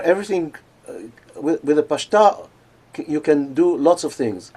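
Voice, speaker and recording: A man giving a conference lecture on cantillation. He explains in plain speech and then chants scripture verses slowly, with drawn-out phrasing. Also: on the high side, expressive, mellow.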